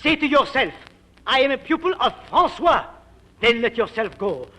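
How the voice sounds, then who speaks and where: A man's voice: very high voice, sing-song, moderate pace, pushed and bright, heavily acted. An actor playing a pompous male singing teacher in a 1940s radio drama, grand and commanding. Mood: grandly commanding. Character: pompous foreign singing teacher Francois, man.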